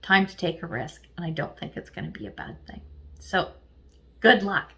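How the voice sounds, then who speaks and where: A middle-aged woman giving a casual, chatty tarot reading, lively and slangy, often laughing. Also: lowish voice, moderate pace. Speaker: tarot reader.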